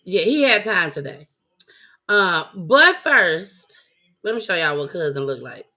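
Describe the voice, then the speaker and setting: Woman host rambling to her viewers, laughs a lot, sharp bright tone. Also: lowish voice, sing-song, a little slow. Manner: loose, laughing, talks straight to viewers. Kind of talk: casual chat.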